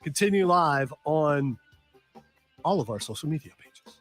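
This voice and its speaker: A man's voice: on the high side, lively intonation, measured pace, music in the background. A man hosting a radio talk show, joking and talking over his co-hosts in casual banter. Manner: joking, talks over others.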